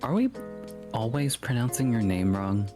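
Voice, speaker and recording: A woman's voice: extremely low pitch, normal speed, music in the background. A woman co-hosting a podcast in casual chat, curious and conversational. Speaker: podcast co-host.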